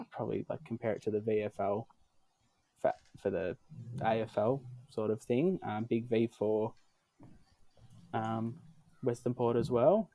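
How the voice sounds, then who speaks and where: A man's voice: mid-range voice, mellow, dry recording. A young Australian man co-hosting a podcast, chatting casually in a rambling, hesitant way with many ums. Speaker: podcast co-host. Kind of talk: casual chat.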